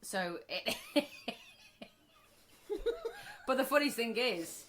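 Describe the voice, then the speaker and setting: A woman co-hosting a casual chat, making quick teasing remarks. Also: a little high, lively intonation, fairly bright tone. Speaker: podcast co-host.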